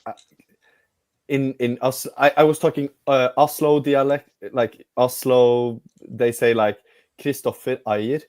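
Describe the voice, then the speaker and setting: A man's voice: mid-range voice, level tone, unhurried, a little mellow, clean tone, no room sound. A man with a Norwegian accent, a native Norwegian speaker chatting casually as a guest on a fan show, laughing and restarting his words. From Norway. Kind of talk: casual chat.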